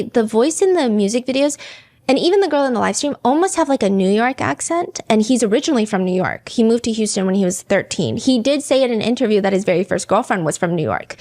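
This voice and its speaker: A woman's voice: a little high, darkish tone. A woman hosting a true-crime podcast, chatting casually and reading lyrics and comments aloud. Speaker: podcast host.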